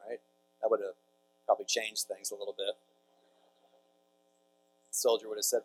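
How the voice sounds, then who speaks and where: A man's voice: fairly low pitch, level tone, normal speed, long pauses, soft background music, rough recording. A man, a priest speaking to a large audience in a conversational storytelling talk with jokey asides to the crowd. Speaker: priest giving a conference talk.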